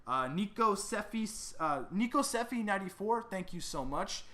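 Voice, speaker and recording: Bright-voiced young man thanking subscribers. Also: sits high, expressive, moderate pace. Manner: reads names, stumbles and apologizes. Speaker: YouTuber. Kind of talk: casual thank-you vlog.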